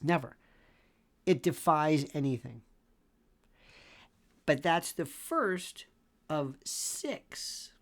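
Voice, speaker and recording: Older male legal pundit with a gravelly voice and a very lively, swooping delivery, emphatic and repetitive. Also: a little high, extremely slow, long pauses. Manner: emphatic, repeats phrases, swings between exclamation and muttering. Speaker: legal commentator and show host. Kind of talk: opinionated commentary.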